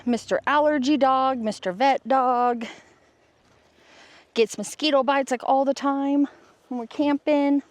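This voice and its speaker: A woman's voice: sits high, fairly even intonation, unhurried, pauses often, no room sound. A woman vlogging outdoors in a casual way, gushing at her dogs in baby talk. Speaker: travel vlogger. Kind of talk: casual vlog narration. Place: outdoors near a river and highway.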